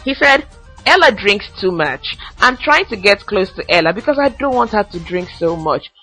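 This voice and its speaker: A woman's voice: medium pitch, very animated, moderate pace, pushed and bright, slightly rough, faint music behind, rough recording. A young woman hosting a casual commentary podcast, ranting with sassy asides and recapping reality show gossip. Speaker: podcast host.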